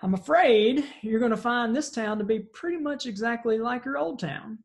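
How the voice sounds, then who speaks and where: A man voicing a wise older man on a park bench in a told story, speaking calmly. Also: very high-pitched, moderate pace. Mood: knowing.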